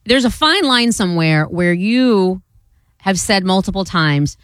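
A woman co-hosting a talk radio show, teasing her partner and talking in quick animated bursts. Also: mid-range voice, no echo. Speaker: radio co-host. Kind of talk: casual talk radio banter.

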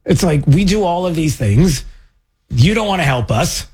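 A man hosting a radio talk show chats casually and sarcastically, now and then breaking into mocking high voices. He's expressive, speaks at normal speed, and has a darkish tone with a breathy edge.

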